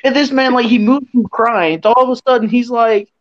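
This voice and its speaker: Animated high-voiced young man telling stories. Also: a little fast. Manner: animated, laughs through his story, acts out quotes. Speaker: podcast host. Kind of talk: casual storytelling. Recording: dull lo-fi sound.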